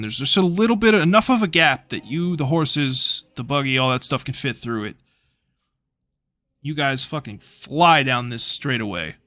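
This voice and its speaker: A man's voice: mid-range voice, pushed and bright, no echo. A man narrating a tabletop game as game master in a casual, loose way with frequent swearing. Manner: casual, swearing, hesitant fillers.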